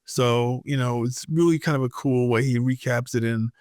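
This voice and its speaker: A man co-hosting a podcast, talking through a comic with many halting restarts. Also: mid-range voice, steady tone, a little mellow, no room sound, studio quality. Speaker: podcast co-host. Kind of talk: casual comic-book discussion.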